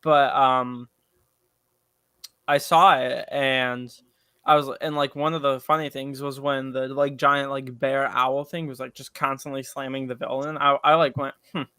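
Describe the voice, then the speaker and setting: A man's voice: medium pitch, flat delivery, a little slow, bright, forceful tone, clean tone, no echo, clean studio sound. A young man in casual chat, hesitant and full of fillers.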